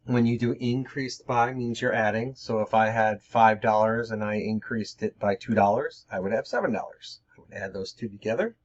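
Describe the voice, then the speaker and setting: A man's voice: fairly low pitch, moderate pace, hardly any pauses. A man teaching a math lesson, explaining in a plain, repetitive way with some fillers. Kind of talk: classroom lesson. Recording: dull lo-fi recording.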